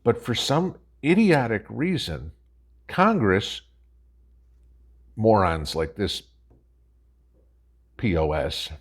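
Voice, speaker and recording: Scornful low-voiced man ranting. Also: sing-song, slow, long pauses, husky. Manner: scornful, ranting, keeps adding "okay?". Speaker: host. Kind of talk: opinionated commentary.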